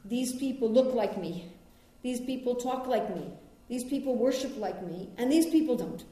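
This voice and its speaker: A middle-aged American woman, originally from New York, gives a spiritual talk and folds personal stories into a gently reflective teaching. Her voice is mellow and soft-edged. It rings out in a very echoey room. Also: on the high side, lively intonation, normal speed. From New York, United States.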